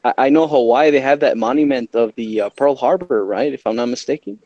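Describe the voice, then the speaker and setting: A man's voice: medium pitch, brisk, a little mellow, dry recording. A man chatting in an online group hangout, asking questions and doubting himself. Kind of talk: casual group chat. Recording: dry dull lo-fi mic.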